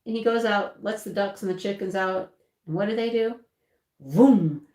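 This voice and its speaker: A woman's voice: medium pitch, a little fast. Chatty woman telling stories in a roomy space. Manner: rambling, animated storytelling with frequent laughs. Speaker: livestream host. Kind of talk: casual chat while crafting. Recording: roomy echo.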